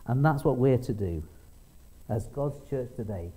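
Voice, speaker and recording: Man, middle-aged, preacher, conversational sermon, very dark tone, medium pitch. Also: expressive, a little slow, low-quality recording. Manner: conversational, with restarts and acted quotes. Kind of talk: sermon with storytelling.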